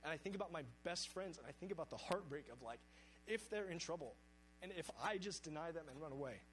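Earnest preacher man, slightly high voice. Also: expressive, fast talker, a bit bright, faint music behind, low-quality recording. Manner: earnest, reads scripture aloud with emphasis. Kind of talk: sermon.

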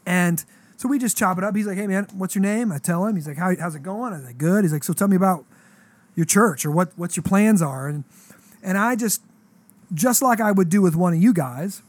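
Brief: man, 30s, pastor, high voice, lively slangy storytelling. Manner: animated, slangy, acts out quoted dialogue. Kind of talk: casual storytelling on a podcast.

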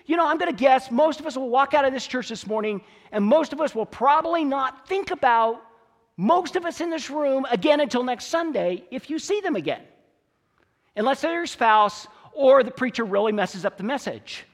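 A man preaching a conversational sermon in a church, swinging between loud emphatic stretches and quiet low ones. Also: animated, normal speed, long reverb tail. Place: church sanctuary.

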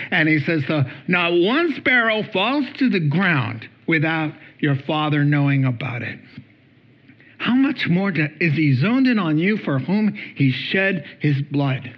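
A male pastor preaching a conversational sermon, animated, with playful asides and acted-out quotes. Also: fairly high pitch, highs cut off.

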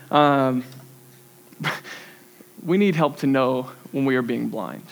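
A man's voice: fairly high pitch, unhurried, pauses often. A young man preaching a sermon, telling a story animatedly and laughing at himself. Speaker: youth pastor.

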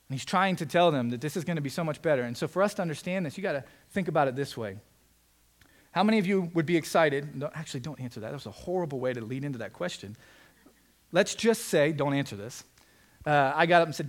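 Delivering a sermon, a pastor speaks in a conversational, animated style, acting out quotes and tossing in asides. His voice is on the high side and his pace is quick.

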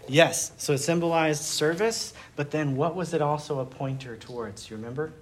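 A man's voice: a little high, moderate pace, slight background noise. A man leading a Bible study group, teaching in a casual, conversational way, asking the group questions and retelling scenes.

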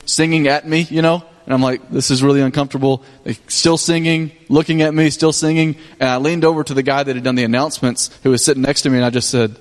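A man's voice: fairly high pitch, steady tone, fast talker, hardly any pauses. A man, a pastor casually recounting a mission trip to his congregation, with many restarts and fillers. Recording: long hall reverb.

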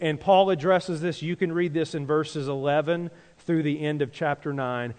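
A man's voice: mid-range voice, a little mellow. A male pastor preaching a conversational sermon. He asks the congregation questions and leads them in call-and-response. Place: church sanctuary. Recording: long reverb of a large church hall.

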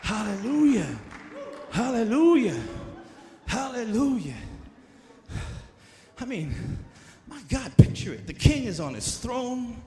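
A man preaching a sermon in a church, fervent and often shouting. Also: extremely high pitch, very animated, slow, long pauses, roomy sound, some chatter behind.

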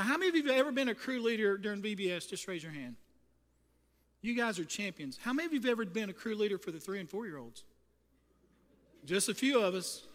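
A male pastor with a high, slightly bright voice preaches to church volunteers, spinning funny, folksy stories with emphatic delivery. The church sanctuary gives the recording a long hall reverb.

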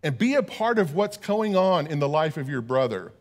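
A man's voice: a little high, very animated, moderate pace. Man doing a delighted father calling out, raised and eager. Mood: excited. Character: joyful, generous father of two sons.

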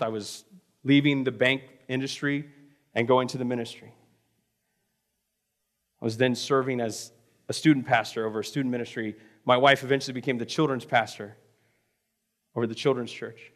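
A middle-aged man preaching a sermon, telling a personal story and acting out the voices he quotes, swinging from loud to hushed. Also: mid-range voice, fairly even intonation, moderate pace, long pauses. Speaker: pastor.

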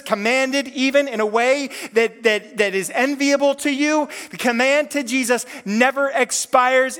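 A man's voice: very high voice, fairly bright tone. A man pastor giving a conversational sermon, earnest, often restarting and repeating words mid-phrase. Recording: long reverb of a hall.

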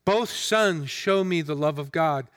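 A male preacher giving an earnest, emphatic sermon in a deliberate manner. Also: on the high side, a bit bright, clear, resonant tone. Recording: long hall reverb.

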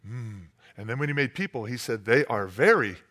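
Lively, bright-voiced male pastor. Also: medium pitch, moderate pace. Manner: lively storytelling with playful character voices; conversational, uses fillers like "like" and "you know". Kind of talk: sermon.

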